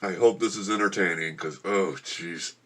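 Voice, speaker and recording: A man's voice: fairly low pitch, normal speed, fairly bright tone. A man vlogging at home, groaning and complaining as he suffers through a very spicy meal. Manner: groaning and complaining while eating spicy food. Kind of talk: casual vlog to camera. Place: home room with a gecko habitat.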